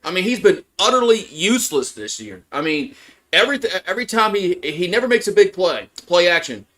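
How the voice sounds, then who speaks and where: A man's voice: high voice, very animated, a little fast, bright, forceful tone. A man doing casual live play-by-play of a football game as a fan streamer, frustrated, swearing and repeating himself.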